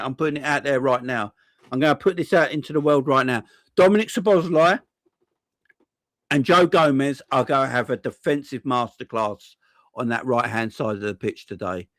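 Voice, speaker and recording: A man rants about his team in sarcastic, repetitive bursts, swearing freely as he goes. His voice sits a touch higher than most men's, and the recording is dry and close, with no room sound. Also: fairly bright tone, dry recording. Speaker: football fan channel host. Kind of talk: ranting fan commentary.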